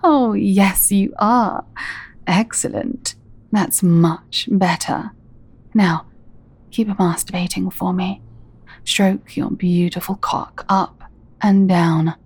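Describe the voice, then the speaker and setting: A woman performing a scripted dominant audio role-play, speaking in a teasing, commanding way and often dropping into soft whispers. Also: medium pitch. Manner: teasing, commanding, slow and deliberate; soft-spoken, drops into breathy whispers.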